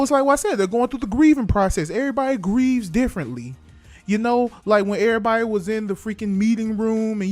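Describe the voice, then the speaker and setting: A young man casually reviewing an anime episode, with animated, slangy delivery. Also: high voice, no echo. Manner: animated, slangy, acts out scenes.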